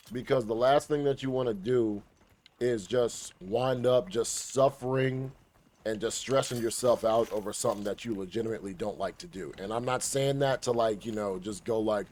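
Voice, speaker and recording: A man's voice: lowish voice, moderate pace, a little mellow. A man giving casual, laid-back advice while playing a game, swearing now and then and trash-talking what he fights. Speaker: gaming guide creator.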